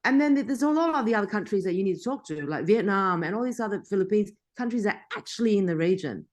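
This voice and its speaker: A woman's voice: mid-range voice, animated, quick pace. A woman explaining a point casually, voice rising for emphasis.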